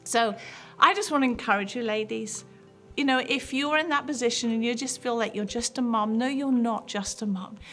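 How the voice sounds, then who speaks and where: A woman's voice: a little high, moderate pace, fairly bright tone. A middle-aged woman pastor, telling a personal testimony in an earnest, heartfelt way over faint music.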